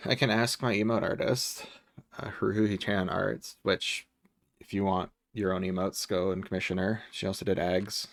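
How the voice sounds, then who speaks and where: A man with a low, gravelly voice talks casually on a live stream from home, rambling between topics and swearing freely. His voice is recorded dry and close, with no room sound around it. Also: level tone, normal speed, fairly bright tone, no room sound. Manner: rambling, profane, chuckles often. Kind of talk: casual livestream chat.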